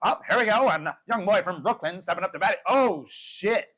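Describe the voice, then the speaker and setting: A man voicing an excitable old-time radio baseball announcer in an exaggerated transatlantic accent. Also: high-pitched, brisk, pitched above the performer's own voice. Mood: excited. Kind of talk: podcast chat.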